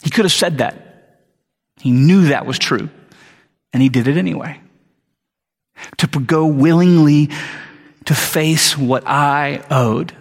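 A man's voice: on the high side, slow, long pauses, slightly rough. A man preaching a casual, conversational sermon in slangy everyday words, acting out the people he quotes. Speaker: pastor. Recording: long hall reverb.

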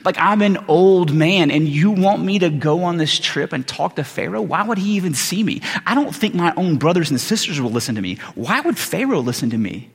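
A man's voice: a little high, expressive, a little fast, creaky, hardly any pauses, breathy edge, full character voice. A man playing a weary old shepherd who doubts himself and complains in casual modern slang, with long hall reverb. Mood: exasperated.

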